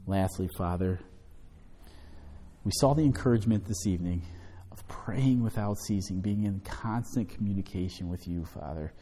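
A pastor with a low, mellow voice teaches an evening Bible study and then leads a closing prayer. He speaks in a measured, earnest way, slowing down to read scripture aloud, and a long hall reverb surrounds the recording.

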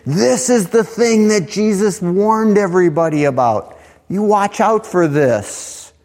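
A man delivers a sermon in a slow, measured way, his pitch swinging widely as he climbs to emphatic highs. He acts out the voices he quotes. His voice rings with the long reverb of a large hall. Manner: animated, rising to emphatic highs on key points. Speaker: pastor.

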